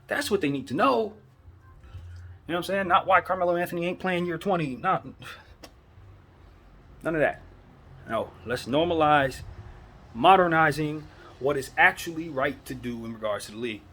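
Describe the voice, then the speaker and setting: A man's voice: a little high, moderate pace, pauses often, a bit bright, husky. Fired-up man ranting about basketball. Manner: fired-up, preachy ranting with repeated rhetorical questions. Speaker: basketball commentary host. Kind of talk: casual opinion monologue.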